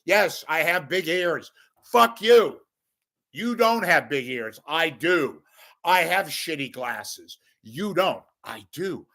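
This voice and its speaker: A man's voice: on the high side, animated, takes it slowly, sharp tone. Angry, profane ranting man. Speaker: local media commentator.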